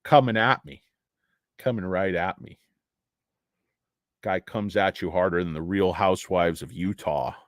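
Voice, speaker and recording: A man's voice: deep voice, a little slow, long pauses, dry recording, clean studio sound. A man hosting a casual stock livestream, rambling and joking sarcastically as he talks to his chat from his office. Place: home office.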